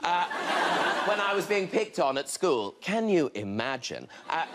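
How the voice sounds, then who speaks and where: A man's voice: a little high, very animated, moderate pace, fairly bright tone. A man in his thirties doing a stand-up routine, telling wry, self-deprecating stories on a TV studio stage. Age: 30s. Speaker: stand-up comedian. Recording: noisy TV studio recording.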